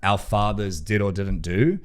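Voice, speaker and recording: A man's voice: fairly low pitch, animated, unhurried. A man hosting a podcast, talking bluntly and emphatically in a casual conversation, swearing freely. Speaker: podcast host.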